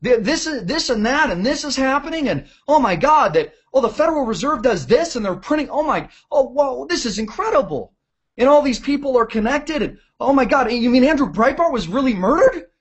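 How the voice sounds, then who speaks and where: A man's voice: very high voice, lively intonation, a little fast, husky, pitched above the performer's own voice, exaggerated voice. Man playing a wide-eyed, amazed viewer. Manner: breathless, amazed exclamations. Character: wide-eyed man newly waking up to news. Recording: dull lo-fi audio.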